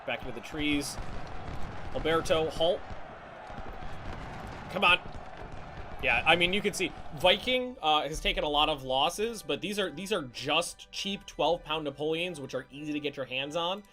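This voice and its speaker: A fairly high, bright and forceful male voice running commentary over a live strategy game stream. He stumbles and restarts his sentences and swears casually. He shouts orders at his units, and faint music plays underneath. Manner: barks quick orders to units, voice jumps up when alarmed.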